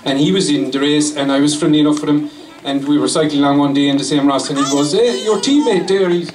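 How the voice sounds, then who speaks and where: A man's voice: on the high side, monotone, quick pace. An Irish man, a former racer, giving a laughing, anecdotal speech to a crowd at a celebration. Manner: laughing storyteller who acts out quotes. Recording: distant mic, echoey, crowd noise.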